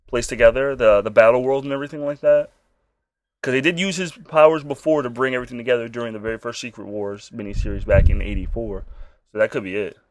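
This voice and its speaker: A man riffing on a comic book podcast in an easy, mid-pitched voice. He jokes constantly and drops into silly character voices. The sound is dry and close, with no room around it. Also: no echo. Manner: jokey, slips into goofy voices for characters. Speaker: podcast co-host.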